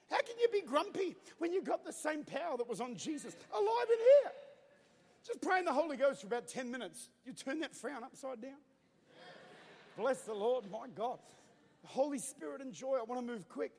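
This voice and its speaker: Man, thirties, Pentecostal preacher: very high voice, loud call-and-response delivery, long hall reverb. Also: sing-song, moderate pace. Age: 30s. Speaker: pastor. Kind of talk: Pentecostal sermon. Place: church auditorium. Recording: long echo of a large hall.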